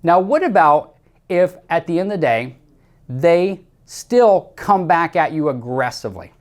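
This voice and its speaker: A man's voice: a little high, lively intonation, unhurried, darkish tone. An emphatic man leads a sales training session, speaking directly to his listeners. He repeats his key points and gives firm, step-by-step instructions in the manner of a seasoned coach. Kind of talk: sales training talk to camera.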